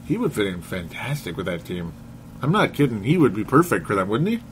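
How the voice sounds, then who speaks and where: A man's voice: fairly low pitch, big pitch swings, brisk, a little hiss or hum. A man hosting a casual sports podcast. He reads listener comments aloud and laughs often. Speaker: podcast host.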